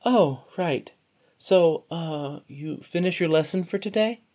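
A man voicing a kind young noblewoman in a storybook reading, speaking softly and quietly. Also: a little high, slow pace. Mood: polite. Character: gentle young noblewoman, kind but firm.

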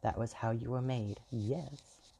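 A man with a gravelly voice reading the lines of a haughty, mocking dark queen in a storybook. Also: medium pitch, fairly even intonation, slow, a little hiss or hum.

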